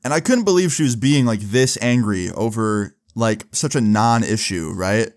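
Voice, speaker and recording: A man's voice: fairly low pitch, lively intonation, normal speed. A young man casually telling a personal story, swearing freely and filling with "like" and "you know". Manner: casual, profane, lots of fillers.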